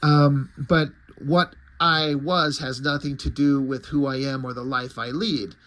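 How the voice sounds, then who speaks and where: A man's voice: medium pitch, fairly even intonation, a little slow, a bit bright, natural voice. A man reading aloud the lines of a reserved, private male inventor, in a plain voice close to his own. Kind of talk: reading comic dialogue aloud.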